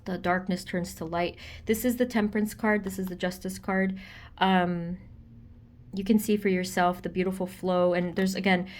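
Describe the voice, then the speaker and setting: A woman doing a pick-a-card tarot reading for viewers, gentle and reassuring, chatty, with frequent ums and an easy laugh. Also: on the low side, fairly even intonation, moderate pace. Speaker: tarot reader.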